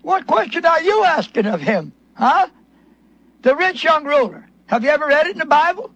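A man's voice: very high-pitched, sing-song, moderate pace, fairly bright tone, lo-fi sound. A man preaching a sermon, emphatic, repeating phrases and acting out the questions of Bible figures in their own voices.

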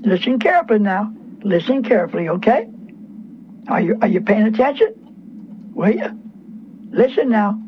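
A man preaching a radio sermon, fervent and scolding, repeating phrases for emphasis. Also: high-pitched. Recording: muffled radio broadcast with faint hiss.

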